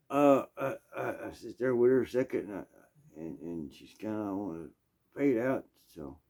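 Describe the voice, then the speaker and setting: Southern man, casual storyteller, folksy and rambling, lowish warm voice. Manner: rambling and folksy, full of asides and throat-clearing. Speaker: musician telling a story.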